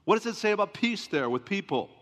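A man's voice: sits high, big pitch swings, fast talker, fairly bright tone. Man, pastor, emphatic sermon, repeated refrains, questions to the congregation, long church-hall reverb. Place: church sanctuary.

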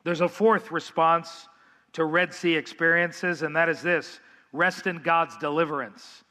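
High bright-voiced male preacher in reverb. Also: fairly even intonation, a little slow. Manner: emphatic, asks the congregation questions. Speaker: pastor. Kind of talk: sermon.

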